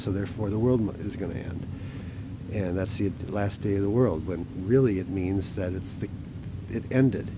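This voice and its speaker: Beside a creek, a man hosting an outdoor show tells the camera a rambling story in a lowish voice against a noisy background. At times he drops to a whisper, and he turns loud and animated when retelling a phone call.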